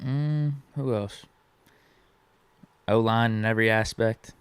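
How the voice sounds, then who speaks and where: Male co-host, low-key, smooth resonant mid voice, dry recording. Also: takes it slowly, dry recording. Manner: brief, low-key interjections. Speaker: podcast co-host. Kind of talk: casual sports talk.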